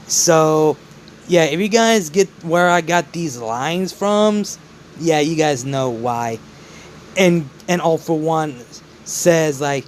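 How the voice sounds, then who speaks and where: A man narrating a fan-made story in a casual, halting way with many restarts. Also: on the high side, a little hiss or hum.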